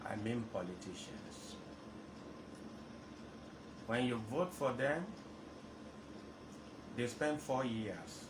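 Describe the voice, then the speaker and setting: A man, a pastor, speaking as a guest on a radio talk show in a slow, measured, emphatic way. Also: mid-range voice, expressive, roomy sound, distant mic, noisy background. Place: radio studio.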